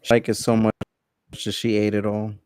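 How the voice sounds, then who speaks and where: Low-voiced man in dry podcast chat. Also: completely flat delivery, moderate pace, a little mellow, clear, resonant tone, no echo. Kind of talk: casual chat.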